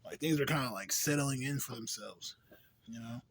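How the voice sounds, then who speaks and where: Here the vlogger talks at a normal pace in a mid-range voice over slight background noise. He's young, somewhat buzzed from beer, and his rambling, profane monologue leans heavily on slang and filler words.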